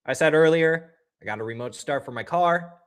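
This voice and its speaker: A man in the middle of a casual live game watch-along, chatting to his viewers between plays. His delivery is upbeat and loose, and he jumps up loudly when something happens on the ice. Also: fairly high pitch, normal speed, clean tone. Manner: talks straight to chat viewers. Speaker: livestream host.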